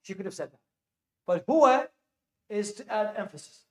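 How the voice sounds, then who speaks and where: A man's voice: sits high, expressive, moderate pace, fairly bright tone. A man teaching an Arabic class, quizzing his students and repeating phrases with frequent restarts, recorded in a classroom. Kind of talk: classroom lecture. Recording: echoey classroom.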